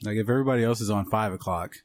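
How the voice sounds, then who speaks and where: Low-voiced, joking podcast man. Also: very fast, slight background noise. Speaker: podcast co-host. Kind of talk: casual podcast banter.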